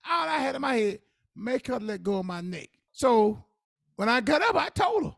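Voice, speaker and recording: A middle-aged man co-hosting a podcast speaks at a normal speed in a gravelly, rough voice that's high for a man and swings widely. He tells animated, emphatic stories in dialect as casual conversational advice. The recording is dry, close and free of echo.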